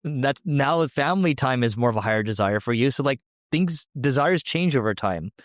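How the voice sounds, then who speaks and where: A man's voice: medium pitch, animated, brisk, no room sound, studio quality. Laid-back male podcast co-host. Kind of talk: casual chat.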